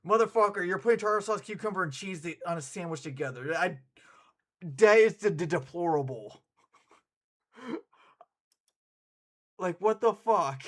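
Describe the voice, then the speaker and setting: Excitable man chatting on stream. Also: sits high, measured pace, long pauses. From United States. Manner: excitable, swears a lot, bursts into laughter. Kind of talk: casual chat with viewers.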